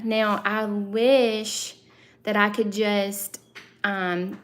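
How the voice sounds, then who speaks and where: A chatty woman with a thick Southern accent. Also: mid-range voice. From Southern United States. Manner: chatty and rambling, many fillers and self-corrections. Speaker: channel host. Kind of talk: casual live-stream chat.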